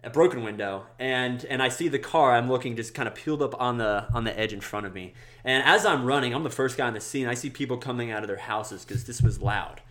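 Young male co-host, casual storyteller, everyday middle voice, animated. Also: fairly quick. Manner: animated, acts out quoted people in a high voice. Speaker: podcast co-host.

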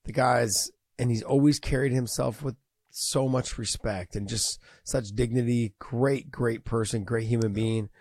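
A man co-hosting a podcast in casual chat, his voice raspy and hoarse from yelling the day before, talking earnestly. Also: mid-range voice, fairly even intonation, unhurried, no echo, studio quality. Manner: earnest, praising, upbeat sign-off. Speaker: podcast co-host.

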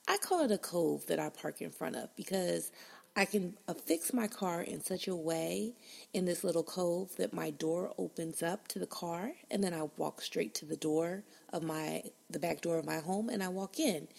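A woman hosts her own podcast with a deeply gravelly, fry-heavy voice. Her tone is husky and a bit rough. She talks casually and bluntly, swears freely and acts out her own reactions as she tells a story. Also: a little mellow. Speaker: podcast host.

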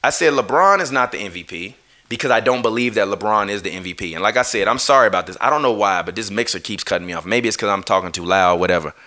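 A man's voice: fairly low pitch, fast, sharp tone. A man ranting on a live stream, heated and swearing, often breaking off to apologize. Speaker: streamer ranting about basketball.

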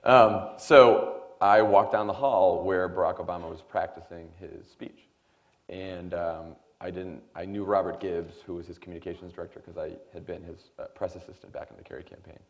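A man in his thirties, a guest at a forum, telling a long anecdote in a lively way and acting out the other people. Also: sits low, moderate pace. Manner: animated anecdotal storytelling with quoted voices. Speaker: guest, former speechwriter. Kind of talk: storytelling in a forum conversation. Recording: dull lo-fi sound.

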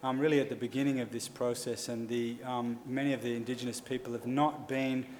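A man of middle pitch speaks on a public panel, weighing his words and pausing often with fillers. His voice rings with lecture-hall reverb over a faint hum of room noise. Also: little pitch movement, a little mellow. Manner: hesitant, thoughtful, many fillers. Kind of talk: panel discussion.

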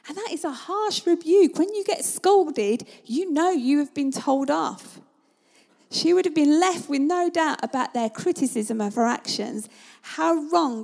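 A woman preaching a sermon in a conversational, storytelling manner, at times dropping to a hush. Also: sits high, creaky. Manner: conversational, vivid storytelling, sometimes drops to a hush.

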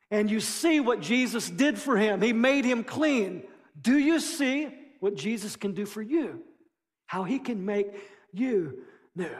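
A man preaching a sermon as lead pastor, animated, with playful voiced asides. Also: high-pitched, long reverb tail.

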